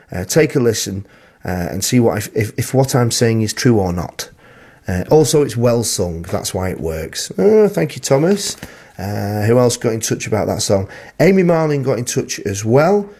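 A man's voice: medium pitch, a little mellow, husky. A man hosting a radio music show, chatting playfully and reading out listener emails in a self-deprecating way. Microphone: studio broadcast mic.

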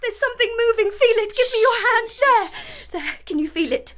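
A young woman playing a gentle, distraught young lady who pleads emotionally. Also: extremely high pitch, animated, brisk. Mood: panicked.

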